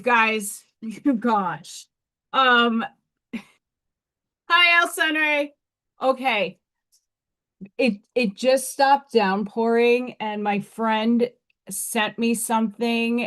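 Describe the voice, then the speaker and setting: A woman hosts a casual live stream from home with a fairly high voice. She talks slowly and loosely, drifting into rambling asides and laughing often. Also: a bit bright.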